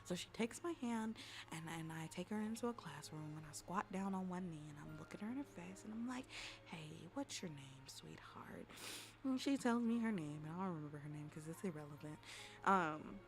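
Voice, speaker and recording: A woman streamer at home on a desk mic, telling a story to her chat in a profane, dramatic way, swinging from loud outbursts to hushed whispers. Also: fairly low pitch, a little fast, soft background music. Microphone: desk microphone.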